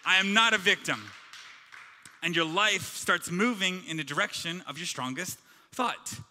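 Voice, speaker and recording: A man's voice: high voice, a little slow, sharp tone. A man preaching a sermon as pastor, emphatic, driving his points home in repeated rhythmic lists. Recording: reverberant hall with background music.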